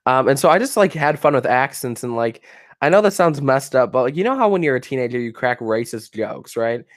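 A young man with an American accent rambles through stories on a livestream call and keeps laughing at his own tales. His voice sits at an ordinary middle pitch. It is a dry, close recording with no room sound. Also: lively intonation, brisk, no room sound. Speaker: livestream guest. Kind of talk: casual chat over a voice call.

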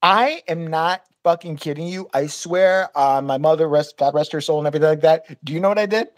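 A woman podcast host telling a long story in casual chat, profane and animated, acting out the people in it. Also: low voice, a little fast, no echo. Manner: animated, profane, acts out voices in her story.

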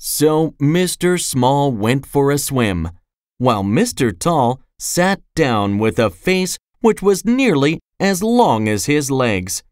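A storyteller reading a children's storybook aloud in a slow, expressive way. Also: mid-range voice, no room sound, studio quality. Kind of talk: scripted storybook narration.

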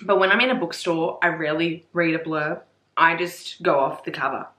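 A young woman talks through her book haul in a casual, swear-laden, excitable way, squealing and gasping over her finds. Her voice is bright and forward at an ordinary pitch. The room around her is echoey. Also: moderate pace. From Australia. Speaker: book vlogger.

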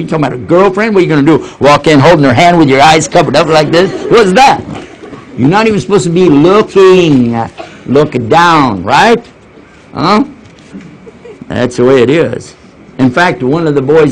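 In a rough recording with a bit of hiss or hum, an older man speaks at a medium pitch. His talk is a relaxed lecture with questions and folksy tales, full of lively impressions of what others said.

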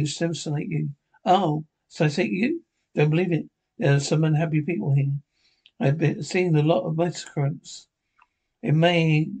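Guy reading a whole tv script alone, gravelly and husky, trips over words a lot. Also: a little high, darkish tone. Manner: halting, stumbles and restarts words. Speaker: narrator reading all parts. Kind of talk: amateur reading of a TV episode script.

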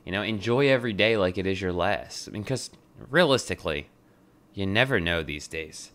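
With a deep, fairly bright voice and lively intonation, a young adult man hosts a podcast at normal speed. His casual monologue is loose and jokey, and he swears freely.

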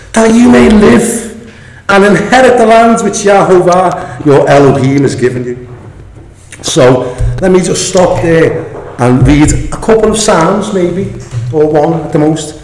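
A man preaching a sermon, emphatic and animated, often laughing at his own asides. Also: fairly high pitch, echoey room, low-quality recording.

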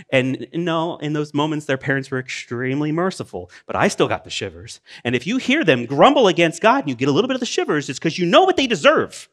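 A middle-aged male preacher moves at a quick pace, his intonation lively as he reads scripture and tosses in plain, conversational asides. He alternates between loud exclamations and quiet, low-voiced remarks.

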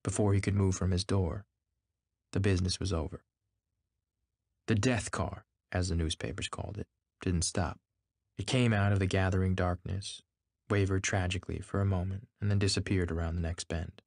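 Male narrator, low voice, measured literary reading, dry close sound. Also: fairly even intonation, gravelly, a little mellow, no echo. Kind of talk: scripted narration.

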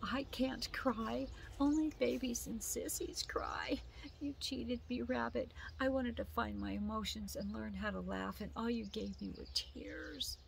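A woman's voice: mid-range voice, steady tone, moderate pace, creaky, hardly any pauses, slight background noise. A woman voicing a sad young male vulture creature in a storybook, wailing and pleading in a half-whispered, raised voice.

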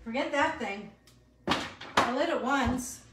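Hosting a live cooking show from her home kitchen, a bubbly, chatty middle-aged woman laughs at herself as she goes. Her voice is a little high and fairly bright, her pace slightly slow, and the sound is roomy.

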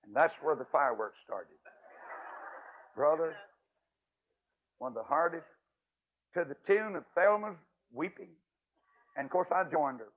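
An older man, an evangelist preacher, telling a folksy, emphatic story in a sermon, his voice swinging from loud to hushed. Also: a little high, expressive, measured pace, long pauses, slight background noise. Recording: tinny radio broadcast audio.

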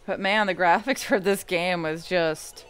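A woman's voice: on the low side, unhurried, fairly bright tone, smooth. A woman hosting a let's-play, chatting casually and joking through the game. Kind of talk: casual gameplay commentary. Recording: faint game music behind.

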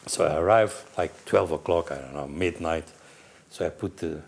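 An older man from Portugal with a Portuguese accent, animatedly telling racing anecdotes in halting, restarting speech. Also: rumbling low, gravelly. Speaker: guest storyteller, former racing team manager.

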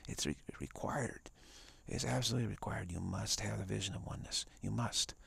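Male spiritual teacher, live-streamed talk: a deep, heavily gravelly voice, emphatic and repetitive, slipping into whispers. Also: brisk, a bit bright, dry recording.

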